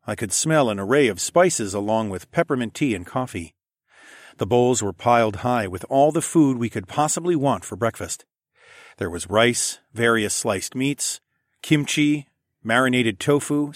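Reading first-person scripted narration from a novel, a man keeps a calm, steady storytelling tone. His voice sits in the mid-range and his pace is moderate, captured in studio quality with no room sound.

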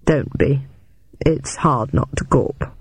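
A man doing a hushed, measured forties agent. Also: medium pitch, vocal fry, slightly rough, no room sound, exaggerated voice. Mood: guarded. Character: calm middle-aged male special agent, scarred and guarded.

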